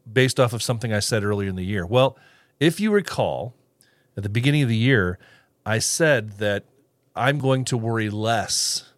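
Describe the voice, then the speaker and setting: A man's voice: fairly low pitch, dry recording. A man hosting a casual solo podcast, rambling with restarts and little chuckles as he reads live comments. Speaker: podcast host.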